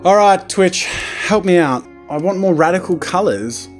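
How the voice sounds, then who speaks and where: An Australian man commentating a painting game live, excitable and jokey. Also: high voice, a little slow, faint music behind. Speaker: streamer playing a painting game. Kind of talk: live let's-play commentary.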